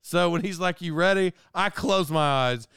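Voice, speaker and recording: A man's voice: high voice, moderate pace, vocal fry, smooth, dry recording, clean studio sound. A middle-aged man hosting a casual monologue, a rambling storyteller who mocks himself. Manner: rambling storyteller, animated and self-mocking. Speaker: podcast host.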